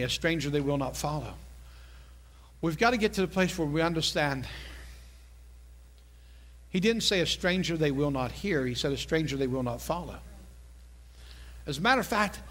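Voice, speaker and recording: A man's voice: high voice, a bit bright. A man preaching a sermon in a chatty, joking way, often asking the congregation questions. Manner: conversational, jokey, asks the congregation questions.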